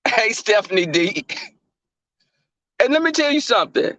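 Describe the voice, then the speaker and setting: A man's voice: sits high, very animated, normal speed, pushed and bright, no room sound, poor audio. A young man hosting a casual livestream, talking animatedly and profanely, laughing and calling out viewers in the chat. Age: young adult. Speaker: livestream host.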